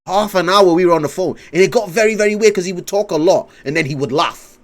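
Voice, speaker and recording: A man's voice: sits high, fast. A man streaming live, rambling in casual commentary, swearing and laughing often.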